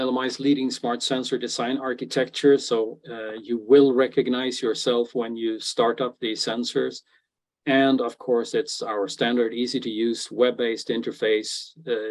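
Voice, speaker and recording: A man presenting a technical product webinar, talking in a halting way with frequent fillers and restarts. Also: medium pitch, rough recording.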